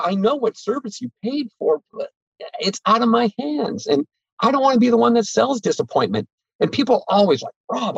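A man's voice: high-pitched, vocal fry, a bit bright, slightly rough, no room sound, dull audio. A man who runs a sports card shop, talking bluntly and animatedly in a casual podcast interview, swearing freely.

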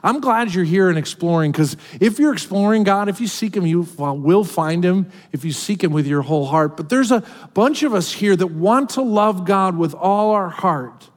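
A man's voice: sits high, expressive, moderate pace, few pauses, long reverb tail. A man preaching a sermon as a pastor, dramatically voicing scripture and heartfelt prayers.

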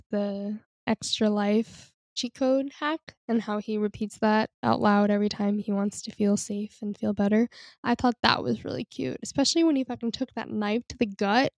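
Excitable young woman, dry close mic. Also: on the high side, dry recording. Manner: animated, swears freely, excitable. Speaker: podcast co-host. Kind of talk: casual movie review chat.

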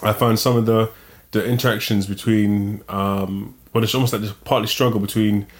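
A man from England chatting casually about a TV show, rambling and restarting his sentences, quick to joke. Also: on the low side, steady tone. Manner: rambling, restarts often, jokey. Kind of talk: casual chat reviewing a TV show.

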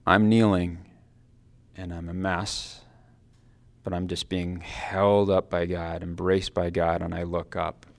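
A man giving a personal devotional talk, earnest and reflective, his phrases often trailing off softly. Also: low voice, level tone, takes it slowly, vocal fry. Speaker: Christian speaker giving a Lenten reflection.

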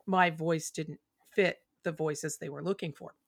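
A woman author speaking as an interview guest, explaining her writing in a thoughtful, steady way. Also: sits low, measured pace, dry recording, studio quality. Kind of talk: casual interview chat.

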